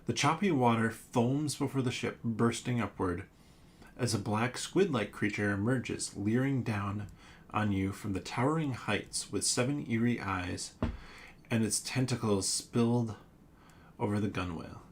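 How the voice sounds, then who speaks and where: A man's voice: lowish voice, measured pace, a little hiss or hum. Man musing through a solo board game. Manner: muses aloud, self-mocking asides. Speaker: board game player and host. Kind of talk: solo board game playthrough with read-aloud story.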